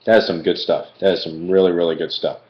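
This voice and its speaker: A man's voice: low-pitched, flat delivery, fast. A man from Philadelphia doing a casual live-stream food review, chatty and rambling, with many fillers and digressions. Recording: echoey room, dull lo-fi stream audio.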